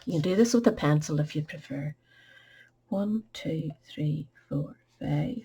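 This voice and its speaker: A woman's voice: low-pitched, a little slow, mellow, slightly rough. A woman hosting a craft tutorial, giving chatty step-by-step instructions and sometimes dropping to a murmur.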